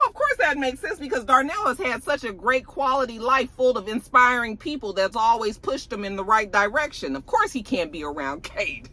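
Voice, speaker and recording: Woman, TV recap, lively pitch, bright tone, sassy. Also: moderate pace, few pauses. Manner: animated, sassy, acts out the characters. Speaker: TV show reviewer. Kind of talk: casual episode recap.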